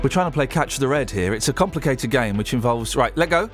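Brief: southern English male radio host, playful, teasing, lively up-and-down pitch, faint music under. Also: brisk, hardly any pauses. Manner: teasing, interrupting, animated. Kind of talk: playful breakfast radio banter.

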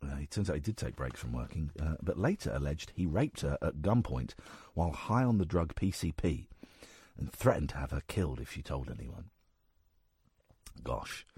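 A male radio host reads news items on air and keeps interrupting himself with dry, sarcastic remarks. His voice is very low and husky, yet his pitch swings widely as he talks. The studio sound is close and dry. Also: sing-song, normal speed, dark tone, dry recording. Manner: reads stories with sarcastic asides. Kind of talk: casual radio chat, reading news aloud. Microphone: studio microphone.

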